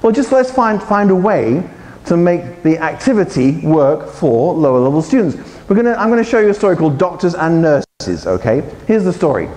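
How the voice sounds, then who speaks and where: Male conference speaker, fairly high and very expressive, playful with the audience, echoey hall recording. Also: normal speed. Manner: animated, playful, acts out voices and quizzes the audience. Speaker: conference speaker, English teacher trainer. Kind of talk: lively conference talk with audience interaction.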